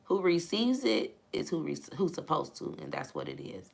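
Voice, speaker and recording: A young woman chats casually with the viewers of her live stream, her voice a little hoarse. Her pitch sits low but swings widely, with a bright, gravelly edge and plenty of fry. She laughs often and talks straight to the people watching. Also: huge pitch swings, normal speed. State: slightly hoarse voice. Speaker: live stream host and coach.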